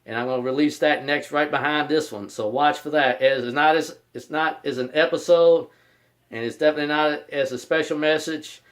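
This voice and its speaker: A man's voice: a little high, fairly even intonation, normal speed, a bit bright. A man hosting his own video channel, giving a rambling, repetitive announcement and often speaking of himself in the third person. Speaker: YouTube channel host. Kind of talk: casual vlog announcement.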